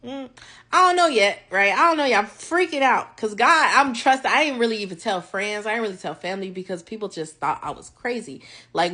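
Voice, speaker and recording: A young woman vlogging a casual faith testimony, animated and acting out her conversations with God. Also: medium pitch, a little fast.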